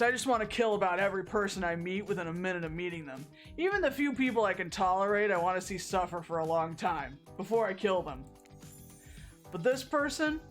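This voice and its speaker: A woman's voice: mid-range voice, natural voice. A woman voicing a brutal, vain male killer called the Trapper, with a menacing, boastful way of talking.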